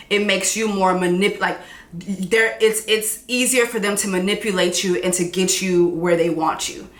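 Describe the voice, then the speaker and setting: A woman's voice: on the low side, a bit bright. Blunt, joking woman host in an echoey room. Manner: blunt, joking, uses slang. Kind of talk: casual commentary chat.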